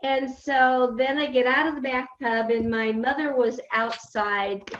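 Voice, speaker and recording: A woman with a slightly high voice tells a memory in a relaxed, halting way. She stops often and fills the gaps with small sounds. The sound is a little dull, like a lo-fi video call. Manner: hesitant, full of pauses and fillers. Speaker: guest. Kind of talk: casual storytelling.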